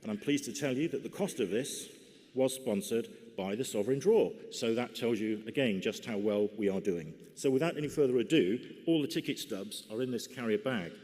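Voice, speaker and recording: A man giving a conference report from a podium, measured and deliberate, with dry humour. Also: medium pitch, expressive, a little mellow. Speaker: party lottery organiser giving a conference report. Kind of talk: conference speech. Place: large church hall used for a conference. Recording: long hall reverb.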